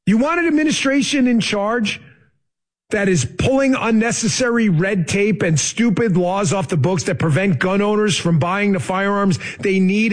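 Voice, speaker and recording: Male show host, high-pitched voice, combative and sarcastic political commentary. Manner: combative, sarcastic, rising to heated outbursts.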